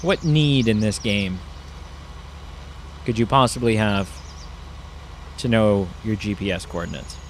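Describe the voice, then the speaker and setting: A man's voice: fairly low pitch, unhurried, pauses often, slight background noise. A man giving casual, rambling commentary while playing a farming game, musing aloud with lots of fillers. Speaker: gaming YouTuber.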